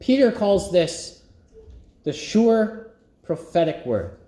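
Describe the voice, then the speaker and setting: A man preaching a sermon as pastor, slow and emphatic with long pauses. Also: high-pitched, very animated, dark tone, roomy sound.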